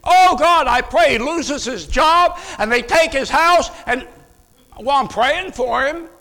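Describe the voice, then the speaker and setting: A man playing a self-righteous churchgoer who loudly prays for his enemy's ruin, in a pleading, mock-pious manner. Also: very high voice, takes it slowly, voice pushed up, full character voice. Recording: long reverb of a large hall.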